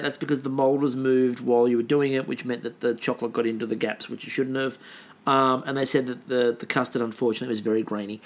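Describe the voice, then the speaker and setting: A man's voice: medium pitch, fairly bright tone. A man co-hosting a podcast, recapping a baking show in casual chat full of ums. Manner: rambling recap with frequent ums. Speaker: podcast co-host.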